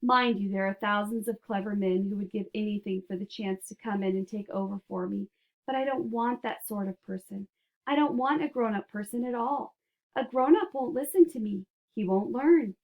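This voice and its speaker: Woman voicing an eccentric, excitable candy-making man, insistent and grand, storybook reading. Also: a little high, moderate pace, natural voice, low-quality recording. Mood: earnest. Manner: eager, insistent, grandly persuasive.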